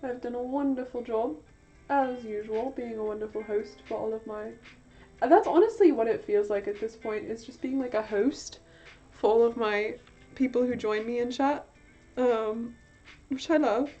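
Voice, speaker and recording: Young woman streamer with a put-on British accent, slightly high voice, tired, self-mocking ramble; dull lo-fi sound. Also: normal speed, dark tone. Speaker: livestream host. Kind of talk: casual livestream chat. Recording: dull lo-fi sound, faint music behind.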